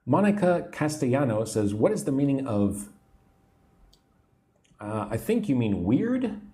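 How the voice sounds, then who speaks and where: Casting note: male English teacher, mellow low-key tone, lively pitch, patient and repetitive. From United States. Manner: slow, patient and repetitive, explaining words simply. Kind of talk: livestream English lesson, reading chat comments.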